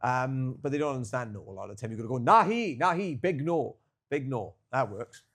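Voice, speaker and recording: A man's voice: medium pitch, quick pace. Rambling young man telling travel stories. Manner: rambling storyteller, swears freely, filler-heavy. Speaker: podcast co-host. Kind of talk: casual chat.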